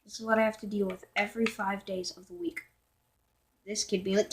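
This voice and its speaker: A woman's voice: mid-range voice, brisk, a little hiss or hum. A young teenage girl telling a storytime vlog in a rambling way, full of fillers, self-corrections and whispered asides. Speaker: vlogger.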